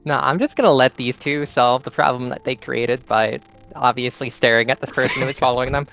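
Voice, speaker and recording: A man's voice: medium pitch, fairly quick, gravelly. Man, tabletop player, dry and matter-of-fact, faint music. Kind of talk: casual tabletop play.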